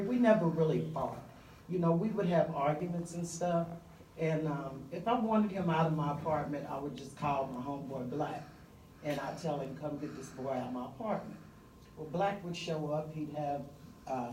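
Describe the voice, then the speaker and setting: A middle-aged woman telling a personal story live on stage, vivid and conversational with frequent pauses and fillers. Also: low voice, warm tone, roomy sound, distant mic, slight background noise, rough recording.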